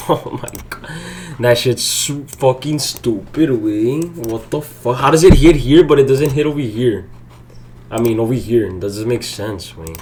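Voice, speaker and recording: A man's voice: medium pitch, measured pace, background noise. Frustrated young man ranting while trading. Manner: frustrated, swearing, swings from mutters to shouts. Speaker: day-trading vlogger. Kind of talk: live streaming commentary.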